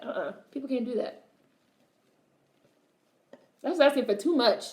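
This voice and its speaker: A woman's voice: high voice, expressive, a little slow, darkish tone, echoey room. A young adult woman hosting a livestream, reading chat and chatting casually in a blunt, sassy way, swearing freely and repeating her punchlines.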